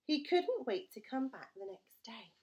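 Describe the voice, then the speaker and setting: A woman teacher reading a children's storybook aloud to her class, with expressive, playful storytelling. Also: high voice, unhurried.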